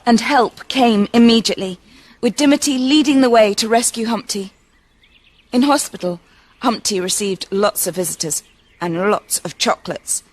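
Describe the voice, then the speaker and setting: A woman reading a children's storybook aloud in a gentle, expressive way. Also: on the high side, moderate pace. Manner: gentle, expressive, varied pacing.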